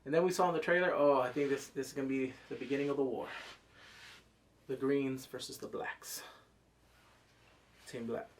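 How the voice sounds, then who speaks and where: A man reviewing a TV episode in a casual, animated way, swearing freely and acting out scenes with quick put-on voices. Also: medium pitch, slight background noise. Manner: swears casually, slangy and emotional. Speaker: TV show reviewer.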